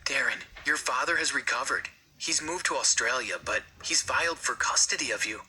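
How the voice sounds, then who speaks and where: A man voicing a distressed mother who pleads and apologizes, in an animated storytime video with music behind. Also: medium pitch, moderate pace, a little hiss or hum. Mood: tearful. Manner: emotional, pleading. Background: background music.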